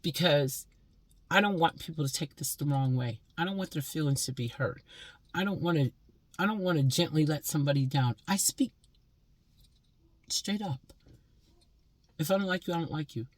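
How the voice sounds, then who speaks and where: A woman's voice: low-pitched, a little fast, no echo. A woman in her sixties from Pennsylvania, delivering a blunt, profane, scolding monologue as a vlogger. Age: 60s.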